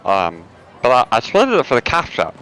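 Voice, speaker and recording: A man's voice: medium pitch, huge pitch swings, fairly quick, fairly bright tone, a little hiss or hum, rough recording. A man voicing a sweet, childlike male companion who is cheerful, eager and trips over his words. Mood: bubbly, eager.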